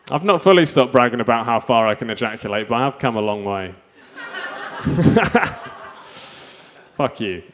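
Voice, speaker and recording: A man's voice: mid-range voice, sing-song, takes it slowly, long pauses. A man doing a stand-up set, delivering self-mocking absurd one-liners. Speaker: stand-up comedian.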